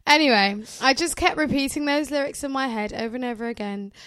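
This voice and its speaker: A woman co-hosting a podcast, reading a story aloud with animated commentary, often laughing and swearing. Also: high-pitched, fast talker, smooth, no room sound. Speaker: podcast co-host.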